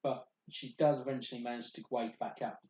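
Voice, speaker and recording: A man's voice: mid-range voice, fairly even intonation, noisy background. Guy running a tabletop game, lots of ums, echoey room. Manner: halting, many ums and restarts. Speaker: game master.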